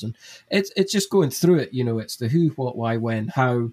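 A man's voice: medium pitch, lively intonation, moderate pace, darkish tone, husky. A young man, a TV gardening presenter, chatting as a podcast guest and breaking ideas down step by step. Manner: chatty, explains things step by step. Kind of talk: casual podcast chat.

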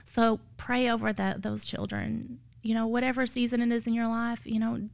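Earnest gravelly woman. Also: fairly high pitch, flat delivery, normal speed. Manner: earnest, emotional, faith-driven, rising to emphatic peaks. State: tired. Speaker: foster mother sharing her story. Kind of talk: heartfelt testimony.

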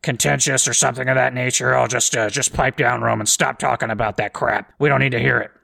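A man's voice: mid-range voice, fairly even intonation, fast, creaky, pushed and bright, full character voice. A man voicing a scornful critic who scolds the host as harsh and dramatic, with a sneering, dismissive manner. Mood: scolding.

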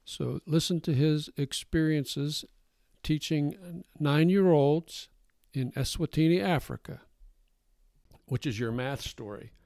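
An older man co-hosting a podcast, telling a casual story with animated asides and frequent laughter. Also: fairly high pitch, slow pace, no echo, clean studio sound. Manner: animated anecdote-teller, laughs often. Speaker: podcast co-host.

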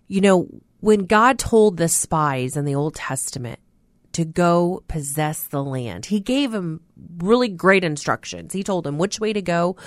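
A woman's voice: lowish voice, no room sound, studio quality. A woman giving an earnest, emphatic radio devotional as host. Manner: earnest preaching, animated and emphatic with laughs. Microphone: studio mic.

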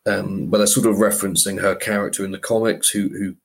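A man co-hosting a casual chat, easygoing and agreeable, often pausing with fillers. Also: deep voice, little pitch movement, vocal fry, husky. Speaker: podcast co-host discussing a film.

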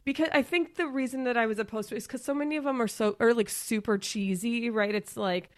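A woman's voice: on the high side, quick pace, dry recording, clean studio sound. A woman in her thirties co-hosting a podcast in casual chat, who laughs often and trails off and restarts her sentences. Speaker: podcast co-host.

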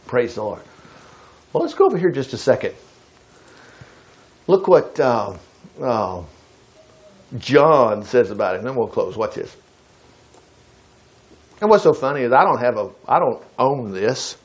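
This man preaches in a mid-range voice, a little slowly and with many pauses. He reads scripture, then breaks off for folksy, conversational comments to the congregation, animated throughout and acting out quotes now and then.

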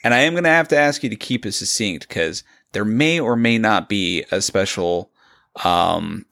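A man's voice: fairly low pitch, lively intonation, moderate pace, gravelly, a bit bright, no room sound, clean studio sound. A man co-hosting a podcast in casual, jokey chat, laughing easily as he leads the segments. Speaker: podcast co-host.

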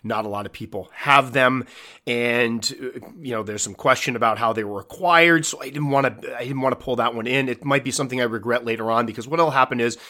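Fast-talking congested, nasal man. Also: medium pitch, sharp tone. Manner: chatty, self-deprecating, rambling with restarts. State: stuffy, congested nose from allergies. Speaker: podcast host. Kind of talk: casual podcast monologue.

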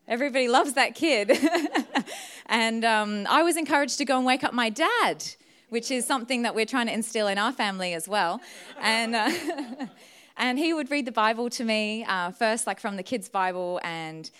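High, smooth-voiced young woman preaching. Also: moderate pace. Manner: emotional, warm and candid, laughs and tears up at times. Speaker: guest preacher. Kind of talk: sermon. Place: church service.

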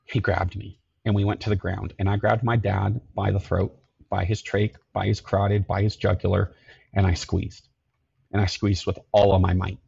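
A middle-aged man, a podcast guest, telling his life story in an earnest, halting way, often repeating himself. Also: sits low, level tone, vocal fry, darkish tone, husky, highs cut off. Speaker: podcast guest, security company owner.

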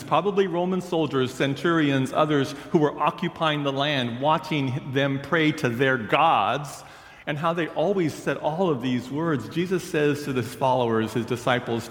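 A man preaching a sermon as a pastor, telling stories slowly and deliberately. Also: fairly high pitch, echoey room, big-room sound. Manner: storytelling, slow and deliberate.

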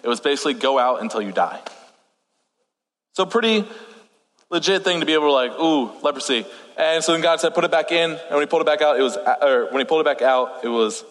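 A young youth pastor gives a casual sermon in a church hall, chatting, making joking asides and reading scripture aloud, with a slight lisp and stutter. His voice is a little high, expressive and fairly bright, and he talks fast. The hall adds long reverb.

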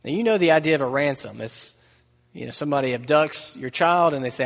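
Pastor, male, slightly high voice, chatty sermon with jokes, long hall reverb. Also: fast talker, creaky. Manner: conversational preaching with asides and humor.

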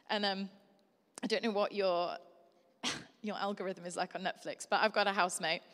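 Young woman preacher, chatty animated sermon, mid pitch, long hall reverb. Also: normal speed. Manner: conversational, animated storytelling.

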